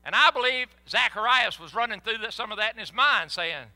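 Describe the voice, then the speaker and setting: An older man preaching a sermon in a church, animated and folksy, with sudden whoops. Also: high voice, a little fast, hardly any pauses, soft background music. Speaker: pastor. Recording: echoey hall.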